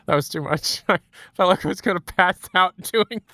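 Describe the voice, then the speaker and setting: A man's voice: sits high, sharp tone, dry recording, studio quality. A man streaming from home, chatting casually, joking and laughing at his own bits. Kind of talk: casual chat.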